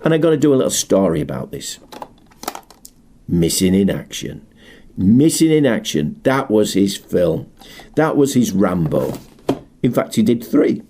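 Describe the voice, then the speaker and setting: A man's voice: lowish voice, big pitch swings, a little slow, pauses often, mellow. A middle-aged man presenting a film tribute in a chatty, enthusiastic, rambling monologue. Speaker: martial arts film specialist presenting a tribute. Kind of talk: casual spoken monologue.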